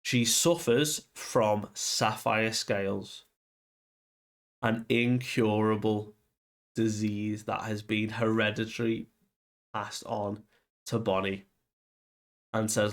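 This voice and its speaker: A man casually retelling a comic chapter, slipping into quick voiced asides for the characters. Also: on the low side, fairly even intonation. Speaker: manga reviewer.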